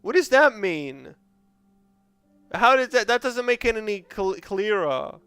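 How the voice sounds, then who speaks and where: A man's voice: high voice, lively intonation, a little slow, a bit bright, smooth, no room sound. A man with an Australian accent giving rambling, joking gameplay commentary as a streamer, laughing often into a close microphone.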